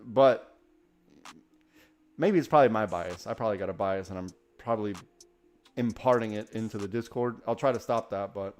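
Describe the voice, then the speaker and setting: Rambling excited man on a live stream. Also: on the low side, moderate pace, pauses often. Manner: enthusiastic, rambling, self-correcting. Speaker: day-trading livestream host. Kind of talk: casual live stream chat.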